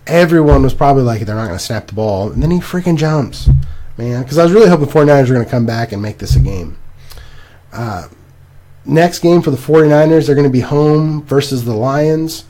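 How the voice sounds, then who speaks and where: A young man co-hosting a casual podcast, rambling and animated as he recaps games. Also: fairly high pitch, fairly quick. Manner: animated, rambling, laughs at himself. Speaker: podcast co-host. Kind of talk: casual fantasy football chat.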